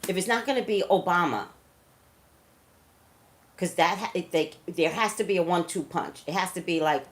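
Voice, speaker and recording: A woman's voice: lowish voice, moderate pace, pauses often. A woman, a psychic reader, talking emphatically straight to her viewers in casual live-stream commentary.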